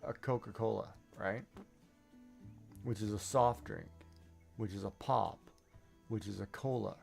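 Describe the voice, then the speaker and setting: A man's voice: medium pitch, vocal fry, a little mellow. A man streaming a game, chatting casually and rambling, often checking in with "right?". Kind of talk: casual chat while gaming.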